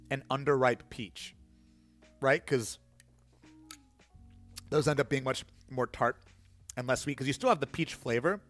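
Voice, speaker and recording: Rambling, chatty male streamer. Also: medium pitch. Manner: rambling, chatty, self-deprecating. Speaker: livestream host. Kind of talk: casual chat while mixing cocktails.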